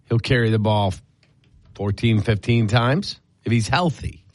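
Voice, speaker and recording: A man's voice: lowish voice, a little slow, a little mellow, dry recording. A man co-hosting sports talk radio in an easygoing, casual way. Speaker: radio co-host.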